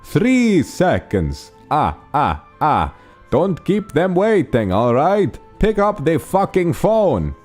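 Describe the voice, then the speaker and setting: A man voicing a theatrical vampire count with a drawn-out, exaggerated accent and counting laughs. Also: a little high, wildly swooping pitch, a little mellow, soft background music, pitched above the performer's own voice, heavily acted.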